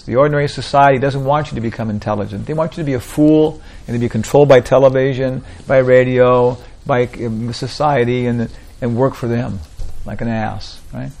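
A man's voice: mid-range voice, vocal fry, darkish tone. A man teaching a small group in an informal spiritual talk, rambling and repeating "like that, you know" often.

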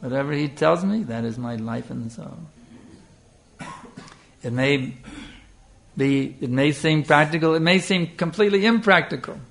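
An older man giving an earnest sermon, telling a devotional story with lively storytelling and frequent fillers. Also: fairly high pitch, unhurried, creaky, pauses often. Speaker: spiritual teacher.

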